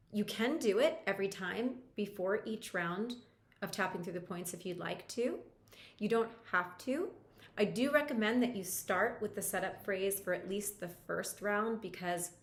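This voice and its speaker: A woman coach leading a guided tapping lesson, talking the listener through each step in a calm, reassuring way. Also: medium pitch. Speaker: EFT practitioner and coach. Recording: roomy echo.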